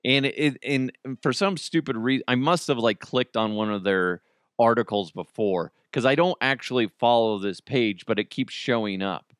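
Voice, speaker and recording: A man's voice: medium pitch, moderate pace, fairly bright tone, clear, resonant tone, dry recording, clean studio sound. A man hosting his own podcast, rambling casually, joking at his own expense and laughing often. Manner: rambling, self-deprecating, laughs often, does silly voices. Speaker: podcast host. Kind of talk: casual solo podcast monologue.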